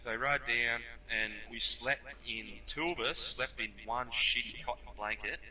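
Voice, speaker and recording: Brief: young Aussie man, bright edgy tone, spins a rough-mouthed yarn. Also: mid-range voice, unhurried, low-quality recording. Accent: Australian. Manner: swearing, animated yarn-spinning. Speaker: podcast guest. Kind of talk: casual storytelling.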